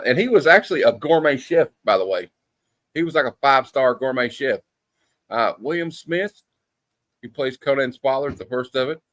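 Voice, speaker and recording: A man of middle pitch hosts a casual film review. He rambles and restarts often, piling up fillers as he goes. The sound is close and dry, with no room around it. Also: fairly bright tone, dry recording. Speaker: movie review host. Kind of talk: casual movie review chat. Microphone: streaming setup.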